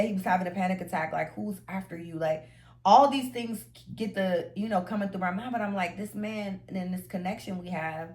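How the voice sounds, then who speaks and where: Casual woman storyteller, roomy sound. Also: mid-range voice. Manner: animated, acts out quotes, slangy. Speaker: vlogger telling a story. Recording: roomy echo.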